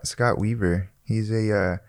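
A man co-hosting a casual podcast, relaxed and joking, with frequent laughter. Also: lowish voice, unhurried. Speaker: podcast co-host.

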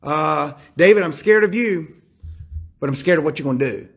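A man's voice: on the high side, normal speed, slightly rough, pitched below the performer's own voice. A male preacher voicing a frightened servant who nervously pleads, torn between two dangers. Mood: fearful. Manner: hesitant, anxious pleading.

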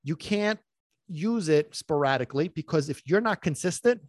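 Host: male dog trainer, animated and a touch high-pitched, dry close mic, lots of rhetorical questions. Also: normal speed, no echo. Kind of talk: casual podcast monologue.

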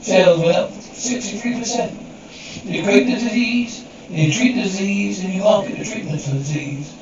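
A man's voice: high voice, normal speed, heavy reverb. A man speaking lines in a television drama scene, heard muffled and distant. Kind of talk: TV drama audio. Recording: muffled, distant TV audio with crowd noise.

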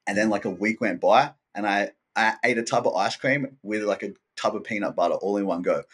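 A man's voice: fairly low pitch, a little fast, fairly bright tone, breathy edge. A man talking as a podcast guest in a candid, rambling way, swearing often and restarting his sentences. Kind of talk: candid casual conversation.

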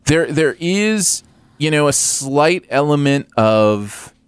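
A man's voice: a little high, lively intonation, takes it slowly, clear, resonant tone, no room sound. A man co-hosting a podcast, chatting casually about a movie with wry, hesitant restarts. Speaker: podcast co-host. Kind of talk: casual movie review chat.

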